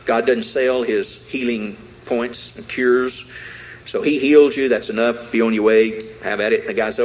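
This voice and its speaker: A man's voice: medium pitch, moderate pace, a little hiss or hum, poor audio. A man preaching a sermon in a folksy, emphatic way, retelling a Bible story with acted-out quotes and repeated lines.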